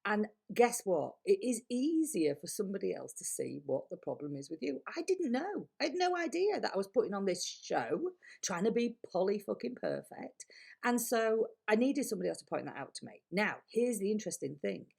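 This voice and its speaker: A woman's voice: mid-range voice, very animated, brisk, gravelly, a little mellow, breathy edge. A woman with a Yorkshire accent, a public speaking coach giving candid, chatty advice straight to camera. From Yorkshire, England. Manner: candid and chatty, with blunt asides. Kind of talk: casual to-camera advice talk.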